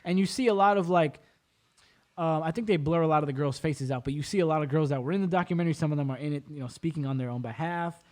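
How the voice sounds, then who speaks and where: A man hosting a podcast, recapping a documentary in rapid, profane, animated casual chat. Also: a little high. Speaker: podcast host.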